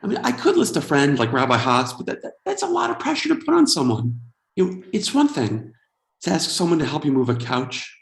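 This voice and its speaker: A man's voice: fairly high pitch, huge pitch swings, brisk, vocal fry, echoey room. A man in his forties from the United States, doing a wry, self-deprecating stand-up comedy set. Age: 40s.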